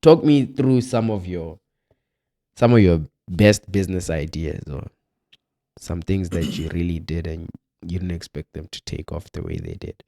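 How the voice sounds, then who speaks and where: A young man hosting a podcast, talking in a relaxed, easygoing way with fillers. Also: sits low, normal speed, gravelly. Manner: relaxed, easygoing, fills gaps with um and like. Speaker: podcast host. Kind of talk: casual chat.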